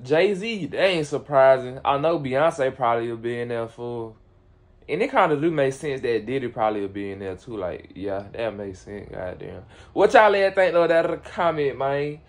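A man reacting to clips for his channel. He talks in loose slang, swears freely and addresses viewers directly. His pitch sits in the ordinary middle range. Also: lively intonation, normal speed. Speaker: reaction video host. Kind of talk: casual reaction commentary.

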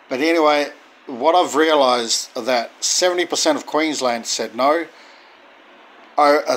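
A man's voice: medium pitch, a bit bright, slight background noise, poor audio. A man speaking his mind in a casual monologue, indignant and emphatic, repeating words for stress. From Australia.

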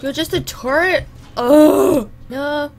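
A woman's voice: on the high side, animated, a little slow, bright, forceful tone. A young woman, chatting and exclaiming as she comments live on her own gameplay. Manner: chatty, exclaiming at the game, laughing. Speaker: gaming YouTuber.

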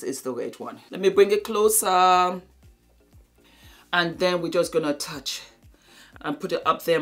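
A low-pitched woman doing a makeup tutorial video. She talks slowly and fondly to her viewers and gushes over each product. Her voice often falls to a soft murmur while she applies makeup, with faint music playing underneath. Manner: affectionate, gushing, calls viewers darlings. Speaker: beauty vlogger.

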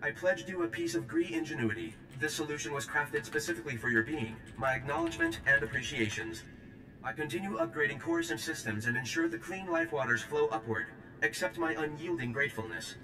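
Stilted formal alien engineer, lively pitch, echoey game audio with noise. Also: male voice, fairly quick. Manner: odd stilted formal phrasing. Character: alien male engineer, formal and strangely worded.

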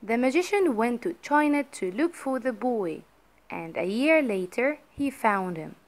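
A woman storyteller reading a children's story aloud for learners, clearly and expressively. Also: on the high side, expressive, measured pace.

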